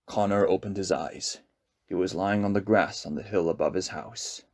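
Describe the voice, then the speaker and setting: A man narrating a novel aloud with slow, expressive storytelling. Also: sits low. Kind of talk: audiobook reading.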